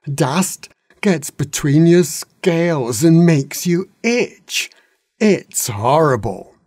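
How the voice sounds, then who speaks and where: A man's voice: a little high, animated, a little mellow, no echo, clean studio sound, voice pushed up, full character voice. A man voicing an ancient, wise old dragon who drones and grumbles in a storybook reading. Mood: grumbling. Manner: droning, slow.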